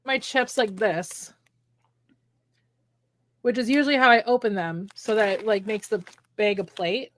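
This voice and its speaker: A woman co-hosting a casual livestream chat, relaxed and wry with a self-deprecating streak, talking over an online call. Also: mid-range voice, measured pace, long pauses. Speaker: co-host, romance author. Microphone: remote online call.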